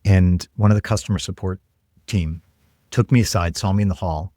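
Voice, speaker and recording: A man telling work stories as a podcast guest, earnest and energetic, acting out quoted lines. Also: low-pitched, normal speed, no room sound, studio quality. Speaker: guest, tech leader. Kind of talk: conversational podcast storytelling.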